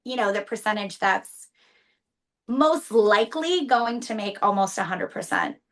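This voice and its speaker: A woman's voice: mid-range voice, animated, measured pace. A woman in her thirties, partner of a stroke survivor, speaking candidly and emotionally in an interview, with frequent restarts. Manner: candid, tearful at times, many restarts.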